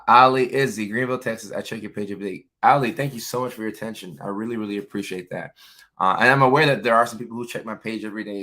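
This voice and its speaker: A man's voice: on the low side, a bit bright. A man hosting a casual livestream, upbeat, greeting viewers by name and reading their comments aloud. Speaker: livestream host. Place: home setup, lives in California.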